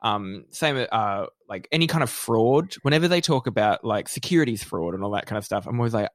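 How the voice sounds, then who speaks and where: A man's voice: fairly low pitch, lively intonation, fairly quick, few pauses, no room sound. A man co-hosting a podcast in a casual, easygoing way, making dry quips and rambling asides. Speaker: podcast co-host. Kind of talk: casual chat.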